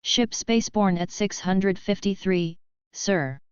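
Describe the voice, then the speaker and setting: A woman voicing an earnest young male space cadet pilot, crisp and dutiful. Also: medium pitch, takes it slowly, no echo, lo-fi sound, lightly acted.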